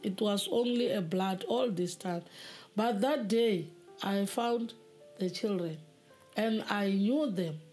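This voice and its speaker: Slow, halting woman giving testimony. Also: medium pitch, mellow. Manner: halting, with many repeated words. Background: faint music.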